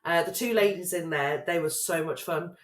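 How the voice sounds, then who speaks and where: A woman's voice: on the low side, normal speed. A young woman co-hosting a podcast, telling travel stories and teasing her friend. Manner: teasing storyteller, sweary. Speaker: podcast co-host. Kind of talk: casual chat. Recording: echoey room.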